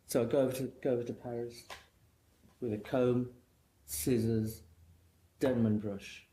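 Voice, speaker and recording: A man's voice: mid-range voice, fairly even intonation, unhurried, warm tone. A middle-aged man from England, a guest hairdresser telling long rambling anecdotes in casual chat. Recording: echoey room with faint noise.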